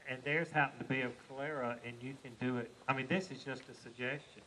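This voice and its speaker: A man runs an outdoor dedication program in a bright, forward voice, talking loosely with lots of ums and uhs. A faint hiss of open air sits under the recording. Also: medium pitch, fairly even intonation, low-quality recording. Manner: informal, halting, with many fillers. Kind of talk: outdoor public announcements. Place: outdoors at a cemetery.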